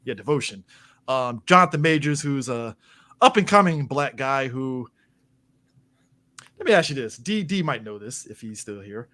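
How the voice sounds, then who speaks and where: A man's voice: medium pitch, animated, normal speed, long pauses, pushed and bright. A man co-hosting a podcast, chatting casually and running through movie picks. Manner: chatty, recommending movies, laughing often. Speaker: podcast co-host. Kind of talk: casual chat.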